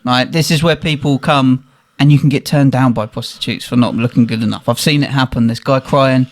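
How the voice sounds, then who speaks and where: In casual podcast chat, a male co-host with a medium-pitched voice speaks fairly quickly. He tells rowdy stories, laughs a lot, and animatedly acts out the people he quotes.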